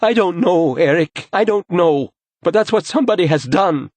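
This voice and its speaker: A man's voice: sits high, lively intonation, moderate pace, no room sound, voice pushed up. A man voicing a tense, frightened wife and mother in an audiobook, talking sharply and anxiously. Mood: angry. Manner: sharp and anxious, rising into anger.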